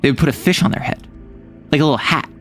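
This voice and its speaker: A man's voice: fairly high pitch, fast talker, fairly bright tone, slight background noise. Rambling, jokey young streamer man. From United States. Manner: rambling, jokey, self-interrupting. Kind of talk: casual chat stream.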